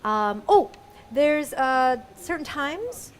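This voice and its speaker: A woman's voice: high-pitched, big pitch swings, slow pace, a little hiss or hum. A woman performer explaining audience call-outs at a live show in a museum, playful and chatty, laughing often. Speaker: solo musical performer.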